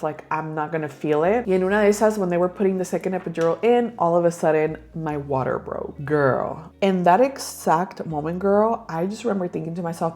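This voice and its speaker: Chatty young woman with a mellow voice. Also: fairly low pitch. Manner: chatty, addresses viewers as girl and you guys, many likes; switches into Spanish phrases. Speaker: vlogger. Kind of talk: casual storytelling to camera.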